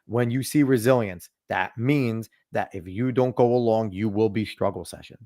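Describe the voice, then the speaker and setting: A man's voice: lowish voice, moderate pace, darkish tone, no room sound, studio quality. A man hosting a podcast, ranting emphatically and swearing freely in casual political chat. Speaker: podcast host.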